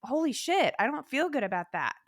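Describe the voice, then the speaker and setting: A woman co-hosting a podcast chats candidly and animatedly, speaking frankly and swearing freely. Her high-pitched, sing-song voice moves briskly, captured in a dry, clean studio recording.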